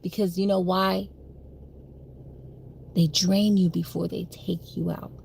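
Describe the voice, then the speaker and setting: A woman's voice: on the low side, flat delivery, takes it slowly, creaky, a little mellow, a little hiss or hum. A young woman telling a personal story on a livestream, emphatic and repetitive, with frequent swearing. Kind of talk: livestream monologue.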